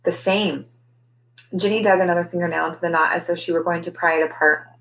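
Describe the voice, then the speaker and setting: A woman teacher reading a children's novel aloud in a gentle storytelling manner, giving the characters' lines their own voices. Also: fairly low pitch, steady tone, very fast, slight background noise, poor audio.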